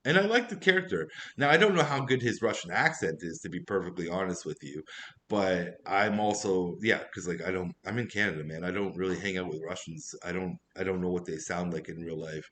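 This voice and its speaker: A man's voice: low-pitched, fairly quick, a bit bright, slight background noise. A man giving a casual spoken movie review, rambling and chatty with frequent asides.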